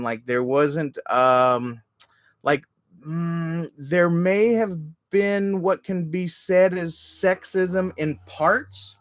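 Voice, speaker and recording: A man's voice: medium pitch, no echo. Rambling, profane male streamer. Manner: profane, rambling, animated asides. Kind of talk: rambling casual chat.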